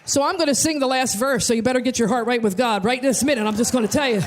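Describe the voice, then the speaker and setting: Animated New Jersey woman comedian. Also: a little high, fast, slight background noise. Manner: animated, breathless storytelling. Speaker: comedian and singer. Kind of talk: stand-up storytelling to an audience.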